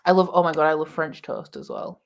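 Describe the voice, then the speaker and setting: A woman with a Northern English accent chats loosely on a reading livestream, giggling often and wandering between topics. Her voice sits slightly low, and she fills pauses with "um" and "like.". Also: level tone. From Lancashire, England. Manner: giggly, rambling, lots of fillers. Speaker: booktube host. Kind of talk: casual livestream chat.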